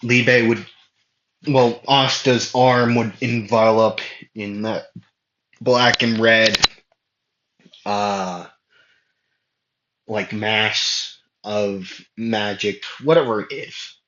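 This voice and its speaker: A man narrates a made-up fan story at a slow, unhurried pace, full of fillers and restarts. His low voice has a bright, forward edge. The recording is muffled and lo-fi, with noticeable room echo. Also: fairly even intonation. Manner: rambling, many fillers and self-corrections. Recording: muffled lo-fi audio in an echoey room.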